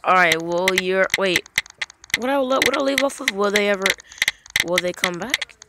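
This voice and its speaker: A woman playing a texting game and reading its chat lines aloud in casual commentary, with animated, playful reactions. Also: medium pitch, normal speed. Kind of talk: casual let's-play commentary. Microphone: phone microphone via screen recorder. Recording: loud noisy phone screen recording with clicks.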